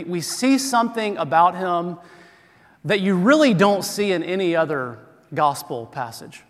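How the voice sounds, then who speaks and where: Higher-pitched pastor in a reverberant church. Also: male voice. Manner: conversational, self-deprecating humor. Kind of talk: sermon. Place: church sanctuary. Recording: long hall reverb.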